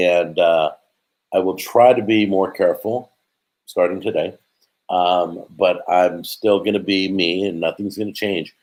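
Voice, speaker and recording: Low-voiced middle-aged guy rambling on a live stream, lots of ums, reading chat out loud. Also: low-quality recording. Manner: rambling, chatty, halting with many fillers.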